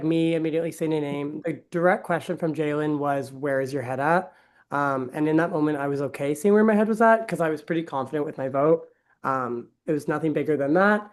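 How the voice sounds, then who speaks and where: Brief: mid-pitched contestant, earnest and explanatory. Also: a little mellow. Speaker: game contestant. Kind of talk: casual game talk.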